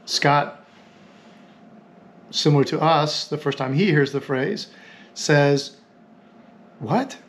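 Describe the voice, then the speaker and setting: A man hosting a podcast, telling a story in a reflective, halting way and repeating phrases as he thinks aloud. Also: on the high side, fairly even intonation. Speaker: podcast host.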